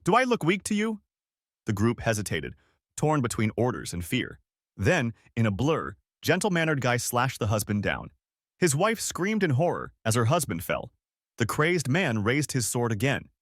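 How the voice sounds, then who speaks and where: A man narrating a comic story recap in brisk, scripted storytelling on a close mic. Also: medium pitch, sing-song, no room sound.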